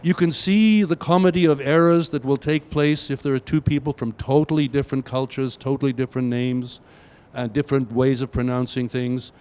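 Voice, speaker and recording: A man's voice: mid-range voice, fairly even intonation, brisk, darkish tone, clear, resonant tone. An older man presenting a university workshop, speaking with emphatic stammering restarts. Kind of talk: workshop teaching.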